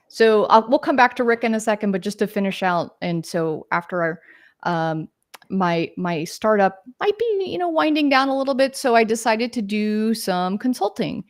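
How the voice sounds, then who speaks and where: A woman's voice: on the low side, no echo, clean studio sound. A woman in her forties, a podcast guest telling her career story in a chatty, rambling way with tangents and fillers. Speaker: podcast guest, games marketer. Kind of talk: casual interview storytelling.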